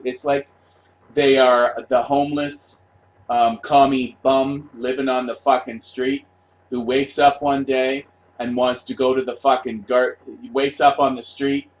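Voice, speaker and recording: A middle-aged man hosting his own channel, delivering a profane, mocking rant with shouted outbursts. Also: mid-range voice. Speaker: commentary channel host. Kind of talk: ranting monologue.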